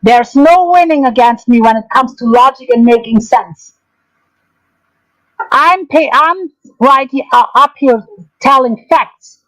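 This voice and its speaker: A woman's voice: high-pitched, measured pace, a bit bright, low-quality recording. Woman ranting angrily. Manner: angry, profane, repetitive ranting. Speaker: streamer. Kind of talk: livestream drama commentary.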